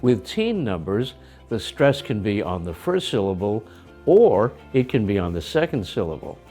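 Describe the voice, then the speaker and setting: A man's voice: fairly low pitch, sing-song, normal speed, mellow, soft background music. A man with an American accent teaching English pronunciation in a scripted lesson, explaining plainly. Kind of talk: scripted lesson with acted skits.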